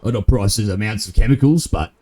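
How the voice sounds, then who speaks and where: A man's voice: lowish voice, fairly quick, dark tone. A man with an Australian accent, swearing and bantering in a roleplay game stream. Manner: crude, swearing banter in broad slang. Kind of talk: roleplay gaming chat.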